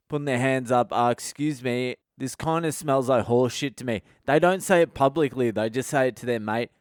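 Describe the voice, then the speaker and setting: A man's voice: mid-range voice, a little mellow, clear, resonant tone, no room sound, clean studio sound. A man hosting a comedy podcast, ranting and telling stories in a profane, casual monologue. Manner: profane, ranting, heavy swearing. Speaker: podcast host.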